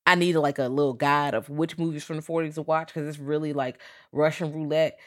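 Low-voiced woman recapping movies. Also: brisk. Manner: animated storytelling, lots of swearing and quoted voices. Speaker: podcast co-host. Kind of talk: casual profane movie recap.

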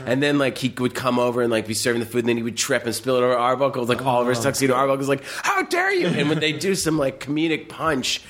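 A man's voice: mid-range voice, fairly even intonation, quick pace, few pauses, fairly bright tone. A man telling stories in casual chat, rambling along with plenty of fillers and restarts. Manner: rambling anecdotal storytelling with many fillers. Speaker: podcast co-host telling stories.

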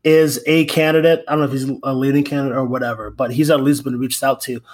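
A man co-hosting a sports podcast, talking casually in a rambling way with quick asides. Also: medium pitch, steady tone. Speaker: podcast co-host.

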